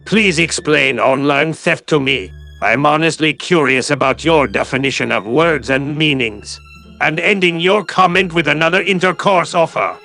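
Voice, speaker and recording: Sarcastic man with a gravelly edge. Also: a little high, normal speed, pushed and bright, soft background music. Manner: sarcastic, condescending. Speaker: YouTube commentator. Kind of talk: callout commentary video.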